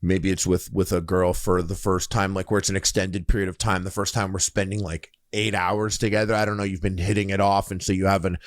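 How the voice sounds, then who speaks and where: A man's voice: deep voice, a little fast, hardly any pauses, no echo. Guy on a podcast just riffing, acts out his stories, close dry mic sound. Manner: animated storyteller, acts out scenes. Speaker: podcast co-host. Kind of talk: casual podcast banter.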